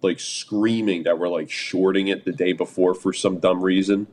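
A man co-hosting a podcast, chatting casually and telling animated stories, with slangy, swearing delivery. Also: deep voice, moderate pace. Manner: animated storytelling, swears, says "dude". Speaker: podcast co-host. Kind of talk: casual chat.

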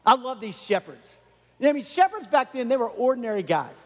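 Man, pastor, lively conversational sermon, high voice, long hall reverb. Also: brisk. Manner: animated, conversational preaching with many asides.

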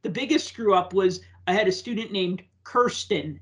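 Man, podcast co-host, animated storyteller, conversational. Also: sits high, normal speed. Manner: animated storyteller, acts out quoted voices. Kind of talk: casual chat, storytelling.

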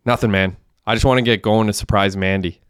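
A man's voice: fairly low pitch, fairly even intonation, brisk, clear, resonant tone, dry recording, clean studio sound, close to an everyday voice. A man voicing a desperate young male criminal who talks in an urgent, raw way. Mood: tense.

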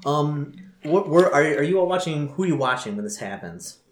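A man's voice: fairly high pitch, lively intonation, moderate pace. A man running a tabletop game as game master, narrating in a rambling, repetitive and crude way. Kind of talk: narrating a tabletop game with profane character voices. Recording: echoey room with faint noise.

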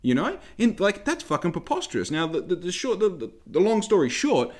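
A man's voice: high voice, very animated, a little fast, darkish tone. An Australian man hosts a podcast in a loose, profane rant. He fires off rhetorical questions and swears freely. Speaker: podcast host.

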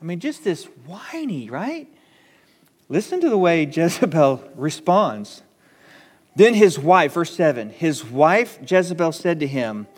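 Man, pastor, sermon, emphatic, lively pitch, long reverb. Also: measured pace, slightly rough. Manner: animated, conversational, emphatic.

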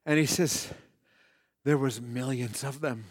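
A man preaching a sermon who swings between shouted peaks and hushed, drawn-out passages, telling stories with quoted voices. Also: mid-range voice. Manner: dramatic storytelling with quoted voices.

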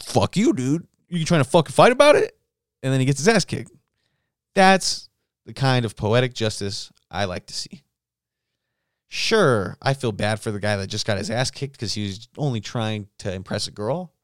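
A man hosting a solo podcast, telling a story in a profane, animated, casual rant. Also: on the low side, normal speed, clear, resonant tone, no echo, studio quality. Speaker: podcast host.

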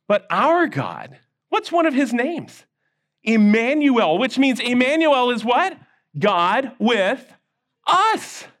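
A man giving a children's sermon, telling a Bible story with animated call-and-response to the kids. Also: very high voice. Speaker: children's minister.

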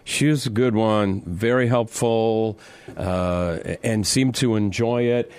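A man's voice: fairly low pitch, fairly even intonation, slow pace, a little mellow, clear, resonant tone, no echo. Wry, easygoing man radio host. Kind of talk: casual radio chat.

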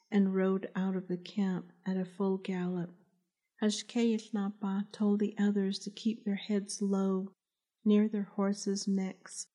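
A woman, the author, reading her novel aloud as calm, measured audiobook narration. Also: mid-range voice.

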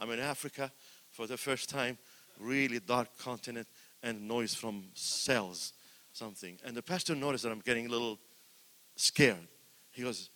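An older man preaching in a church, his bright, forceful voice ringing through a long hall reverb. He swings from loud, exclaiming peaks to hushed asides and repeats words for emphasis. His pitch sits at an ordinary middle for a man. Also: normal speed. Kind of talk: sermon.

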